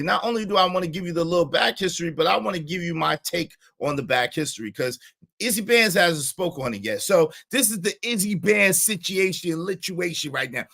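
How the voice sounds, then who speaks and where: A man hosting a live stream, giving emphatic, repetitive commentary and shouting out supporters. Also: high voice, creaky.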